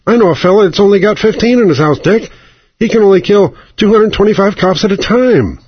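A man voicing an excitable older gun-lobby man who rambles in indignant, rising complaints, over a dull, dry radio broadcast. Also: high voice, slightly rough, no room sound, pitched above the performer's own voice. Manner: fast, rising, whiny indignation.

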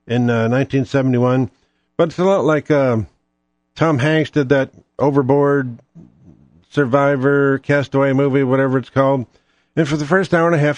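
A man's voice: mid-range voice, a little mellow, no room sound. A man hosting his own show alone, ranting in a profane, sarcastic, rambling way. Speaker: podcast host. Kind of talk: ranting solo monologue.

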